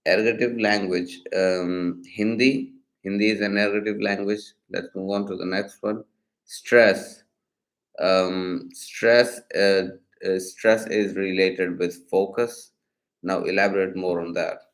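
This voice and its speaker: A man's voice: low-pitched, fairly even intonation, slow pace, low-quality recording. A man studying linguistics who talks hesitantly, with many fillers and restarts. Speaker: student quizzing an AI on linguistics. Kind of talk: casual study session.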